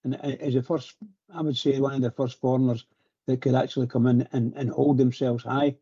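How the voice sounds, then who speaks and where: A Scottish man with a husky voice calling in to a fan radio show, talking keenly with stumbling restarts. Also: medium pitch, little pitch movement, fairly quick, warm tone, muffled recording. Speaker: caller. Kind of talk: phone-in chat.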